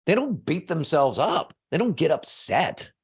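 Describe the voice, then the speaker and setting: Man, motivational teacher; bright, lively, very expressive pitch; casual delivery with emphatic bursts. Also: unhurried, vocal fry, husky. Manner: animated, swings from soft low asides to loud emphatic bursts; casual, uses fillers like "like" and "you know". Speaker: manifestation coach. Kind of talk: motivational teaching talk to an audience.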